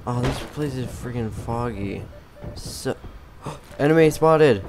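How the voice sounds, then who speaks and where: A man giving casual, rambling commentary while playing a game, poking fun at himself and getting excitable. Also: medium pitch, takes it slowly, music in the background. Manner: rambling, self-mocking, excitable. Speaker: gamer. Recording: noticeable background noise.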